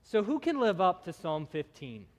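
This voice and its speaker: Guy giving a sermon, bit high pitched, really punches his lists, big reverby church. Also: wildly swooping pitch, moderate pace. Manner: emphatic, building in intensity through lists. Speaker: preacher. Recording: long hall reverb.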